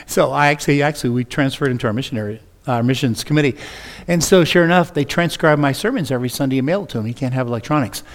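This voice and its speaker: A man preaching a sermon as a pastor, telling stories with lively acted-out dialogue. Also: mid-range voice, fast talker. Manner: animated, acts out dialogue in his stories. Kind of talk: storytelling sermon. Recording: long reverb of a large hall.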